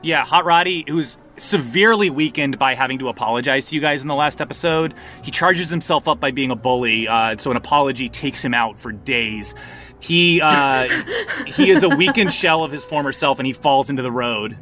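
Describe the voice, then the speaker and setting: Bright-voiced man running a tabletop game. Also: mid-range voice, expressive, normal speed, soft background music. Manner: casual, filler-heavy narration. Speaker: game master.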